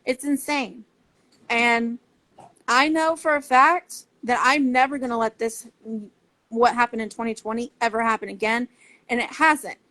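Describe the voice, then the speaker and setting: Earnest slow-talking woman. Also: a little high, fairly even intonation, a bit bright. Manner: earnest, impassioned, heartfelt. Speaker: parent advocate. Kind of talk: casual talk to camera.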